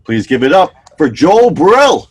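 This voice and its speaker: A man's voice: fairly high pitch, sing-song, a little slow, breathy edge. A man hosting a comedy show over a video call, introducing each comedian with upbeat emcee patter. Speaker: show host.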